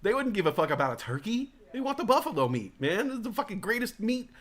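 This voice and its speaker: A man hosting a live talk stream, chatting casually in a rambling, excitable, profane way. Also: high voice, fast talker. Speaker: talk show host. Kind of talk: casual chat.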